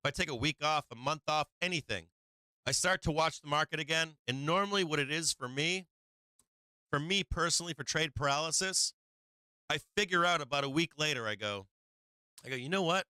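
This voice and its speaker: A man with a bright, crisp voice, a little higher than most, chats through market charts on a live stream. He swears freely and sounds worn and strained. The sound is close and dry. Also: fairly quick, no echo. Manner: profane, chatty, laughing while watching charts. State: strained, tiring voice. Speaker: livestream trading host.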